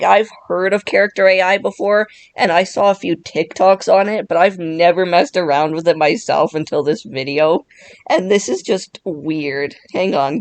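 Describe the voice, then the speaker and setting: A woman's voice: mid-range voice, dry recording. A woman YouTuber who is sick, casually commenting and reacting with disbelief. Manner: reactive, incredulous. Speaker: YouTuber playing with chatbots. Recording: dry.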